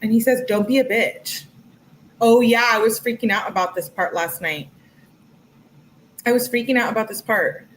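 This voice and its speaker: A young woman with a fairly high pitch reads text messages aloud on a livestream at normal speed, pausing often. It's a casual read-through, and she chats, adding commentary between the quotes, over poor audio.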